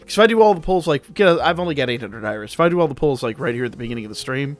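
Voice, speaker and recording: Rapid-fire and lively in intonation, this man's mid-range voice carries a rambling, profane live stream of a game. He chats casually with viewers and answers their messages, with faint background music.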